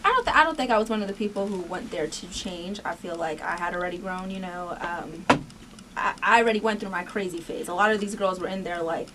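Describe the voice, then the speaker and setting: A young woman chatting as a guest in an interview, bubbly and quick to laugh, jumping up in pitch when she quotes people. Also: far from the mic, noisy background. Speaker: reality show cast member, guest. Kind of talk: casual interview chat.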